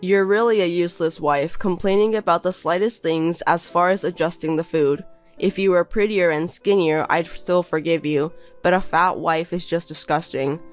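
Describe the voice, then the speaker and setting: A woman's voice: on the low side, steady tone, normal speed, soft background music, natural voice. A woman voicing a contemptuous young husband who belittles and bosses his wife in a text-message story. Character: scornful insulting young husband.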